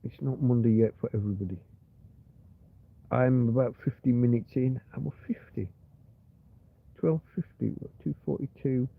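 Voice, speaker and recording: Husky man rambling on a tinny stream. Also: mid-range voice, normal speed, long pauses. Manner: rambling, muttering, talks softly to his companion at times. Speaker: livestream host. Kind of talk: rambling casual livestream chat. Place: in bed on a cold night. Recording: tinny phone-like livestream audio.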